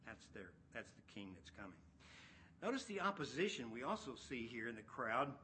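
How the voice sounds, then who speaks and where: Guy preaching a sermon, bright forceful voice, gets loud then drops quiet, faint hiss behind. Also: mid-range voice, normal speed. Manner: animated, acts out voices, swings from loud to hushed. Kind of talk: expository sermon.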